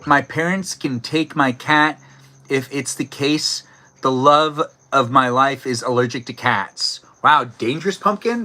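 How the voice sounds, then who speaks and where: A man's voice: mid-range voice, measured pace, bright, forceful tone. A man hosting a casual live stream outdoors, chatting playfully with viewers and reading their comments aloud. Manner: playful, jokey, talks to chat by name, barks and giggles on request. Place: outdoors, cold evening.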